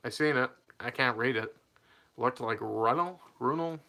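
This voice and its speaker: A man's voice: medium pitch, a little slow, vocal fry, sharp tone. A young man telling a personal story in a casual, rambling way, laughing mid-sentence and losing his train of thought.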